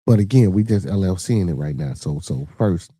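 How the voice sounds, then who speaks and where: A podcast host with a Chicago accent gives blunt, profane money advice in casual chat, often restarting his words. His deep, dark, slightly rough voice is brisk with lively intonation, recorded clean in a studio without echo.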